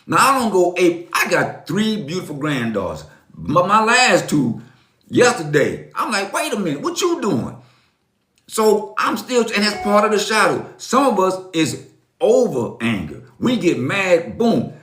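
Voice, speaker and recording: A man's voice: high voice, big pitch swings, a little slow, fairly bright tone, roomy sound. A man in his fifties giving a motivational live-stream talk, preachy and emphatic, repeating lines and calling his viewers folks. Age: 50s.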